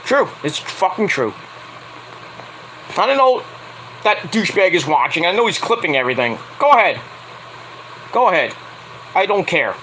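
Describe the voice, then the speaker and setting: A man's voice: high-pitched, very animated, moderate pace, pauses often, bright, forceful tone, a little hiss or hum, low-quality recording. A man ranting heatedly on a late-night livestream, swearing constantly as he reviews wrestling. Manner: profane, heated, fired-up ranting.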